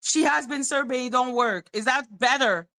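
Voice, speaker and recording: A woman's voice: high-pitched, moderate pace, sharp tone. A woman hosting a casual live-stream commentary, blunt and irritated, sounding condescending, swearing and repeating herself.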